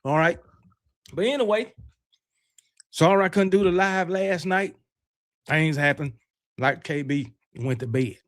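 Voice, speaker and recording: A man with a notably high-pitched voice hosts a casual sports livestream. He talks loosely and brashly, swearing now and then as he fires himself up for his team. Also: unhurried, pauses often, fairly bright tone. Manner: loose, fired-up and brash, with mild cursing; talks with candy in his mouth. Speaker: host of a college football livestream. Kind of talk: casual live-stream chat.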